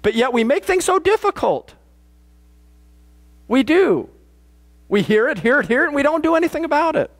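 High-voiced man preaching a casual sermon. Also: sing-song, normal speed, pauses often. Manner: plain-spoken and matter-of-fact, with frequent restarts. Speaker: pastor. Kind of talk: conversational sermon. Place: church.

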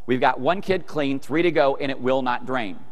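In a mid-range voice at normal speed, a middle-aged man gives a funny storytelling keynote to a live audience in a big hall. The recording has long hall reverb, and he is animated, acting out family scenes and speaking directly to listeners.

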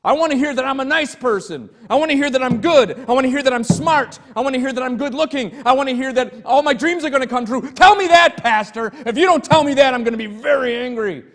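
A man's voice: very high-pitched, quick pace, few pauses, fairly bright tone, in a large hall, pitched above the performer's own voice. A man putting on a whiny, indignant young churchgoer. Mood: indignant whining. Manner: whiny, escalating complaints. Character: indignant young male churchgoer demanding flattery.

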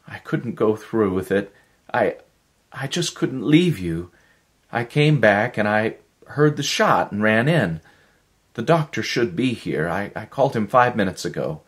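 A man's voice: on the low side, animated, unhurried, voice pushed up. A man voicing a frightened, relieved woman who talks in a breathless, pleading way.

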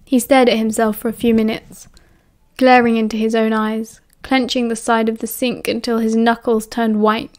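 A woman with a British accent reads a novel aloud in a steady, expressive audiobook style. Her voice sits a little high for a woman. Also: normal speed. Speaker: audiobook narrator. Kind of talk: audiobook narration.

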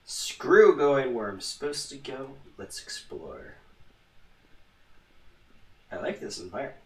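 Male let's-play host, goofy rambling jokes, unhurried talk, a bit off-mic. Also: mid-range voice, very animated, distant mic, a little hiss or hum. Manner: rambling, joking, self-mocking. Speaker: gaming channel host. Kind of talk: casual let's-play commentary. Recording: roomy echo, voice away from the mic.

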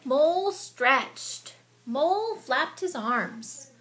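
A woman reads a children's picture book aloud at an unhurried pace. Her voice is bright and clear, and it swings up and down expressively as she tells the story. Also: sits high, lively intonation.

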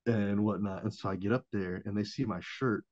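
Brief: man, 30s, low voice, animated swearing storyteller, dull lo-fi dry podcast sound. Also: brisk, no echo. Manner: profane, animated, acts out quoted voices, laughs often. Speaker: podcast guest, Marine veteran and former Navy corpsman. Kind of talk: casual storytelling.

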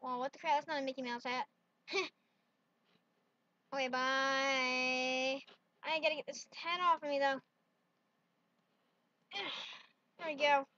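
High, bright, silly vlogger woman. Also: normal speed, long pauses, dry recording. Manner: giggly, silly, exclaiming. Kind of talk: playful solo vlog. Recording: dull lo-fi dry sound.

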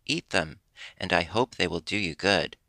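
A man voicing a patient, gentle old father who lectures mildly and never loses his temper. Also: sits low, lively intonation, normal speed, gravelly, no room sound, exaggerated voice.

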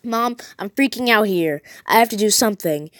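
A woman's voice: medium pitch, expressive, normal speed, fairly bright tone, no room sound, close to an everyday voice. A woman reading a text-message horror story aloud, voicing a frightened teenage girl who sounds panicky and asks question after question. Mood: scared.

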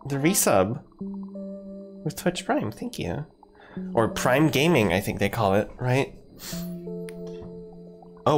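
A streamer chatting casually through a cute video game, giggling often and thanking viewers. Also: medium pitch. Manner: giggly, chatty, reads chat aloud. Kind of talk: casual let's-play commentary.

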